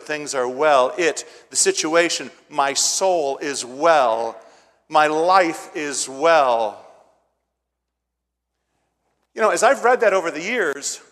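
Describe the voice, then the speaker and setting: A man's voice: mid-range voice, a bit bright. A man preaching a sermon, retelling a scripture story in a casual way and building to emphatic points. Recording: long hall reverb.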